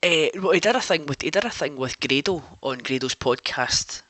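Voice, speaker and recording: A man's voice: a little high, animated, normal speed, a bit bright, no room sound. A Scottish man co-hosting a casual wrestling watch-along, telling stories with lots of stumbling restarts. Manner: chatty storyteller, stumbling restarts. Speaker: podcast co-host.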